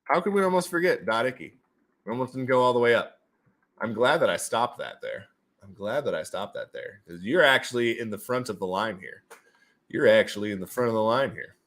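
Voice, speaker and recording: Animated man hosting a livestream. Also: mid-range voice, a little fast. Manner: animated, repeats his own phrases, playful sound effects. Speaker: livestream host running NFT giveaways. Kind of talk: casual livestream commentary.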